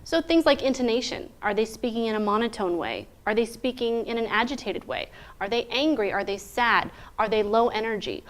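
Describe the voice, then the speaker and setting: A woman teaching interpreters in a clear, methodical way, often posing rhetorical questions. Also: on the high side, expressive, fairly quick, few pauses. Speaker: interpreter trainer. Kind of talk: instructional talk.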